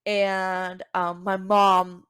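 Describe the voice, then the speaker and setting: Animated woman telling a story, dry sound. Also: extremely slow, clear, resonant tone, dry recording. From Cuba. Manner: animated, acts out quoted voices with big pitch jumps. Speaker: podcast guest, singer. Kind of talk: casual storytelling.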